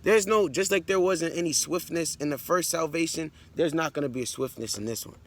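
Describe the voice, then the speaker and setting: A man with a fairly high, gravelly voice speaks briskly while teaching the Bible in a blunt, conversational preaching style. He reads scripture aloud, explains it, and keeps checking in with "all right" and "man."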